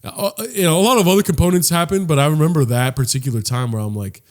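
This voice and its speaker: A man's voice: fairly high pitch, quick pace. A young man co-hosting a podcast, telling a funny childhood story in casual talk and acting out the people in it. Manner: animated, acts out voices in his stories. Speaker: podcast co-host.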